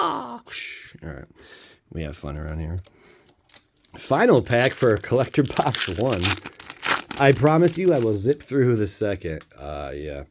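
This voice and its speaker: A man's voice: fairly low pitch, sing-song, measured pace, pauses often. A man casually opening trading card packs on his channel, playful and jokey, with goofy outbursts and rambling asides. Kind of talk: casual pack-opening commentary.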